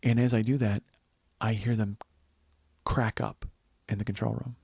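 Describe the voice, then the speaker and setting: Gravelly-voiced comic in his forties, podcast host spinning a profane, rambling yarn; dry, close sound. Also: lowish voice, normal speed, dry recording. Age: 40s. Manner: profane, rambling, animated storyteller. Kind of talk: comedic storytelling monologue.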